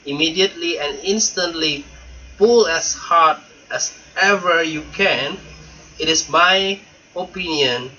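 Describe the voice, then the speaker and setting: Pompous big python snake, male, a man pitching up, loud and emphatic; storybook, lo-fi. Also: a little hiss or hum, full character voice. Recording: dull lo-fi recording.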